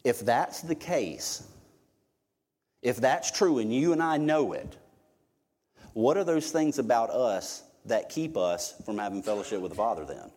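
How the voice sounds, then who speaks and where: A man's voice: mid-range voice, lively intonation, a little slow, a little mellow. Male pastor, middle-aged, casual joking sermon delivery, live church hall reverb. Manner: conversational, joking, emphatic preaching. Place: church sanctuary.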